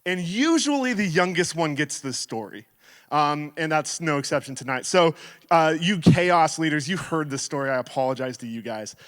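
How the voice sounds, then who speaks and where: A man in his thirties giving a sermon as guest speaker, telling stories in a playful, animated way. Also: on the high side. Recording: reverberant hall.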